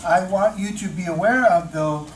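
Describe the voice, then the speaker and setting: A man leading a teacher-mentoring workshop, chatting with the audience, asking questions and slowing down to stress key points. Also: high voice, a little hiss or hum. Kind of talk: interactive workshop talk. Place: training room with audience. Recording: echoey room, distant mic, faint ambience.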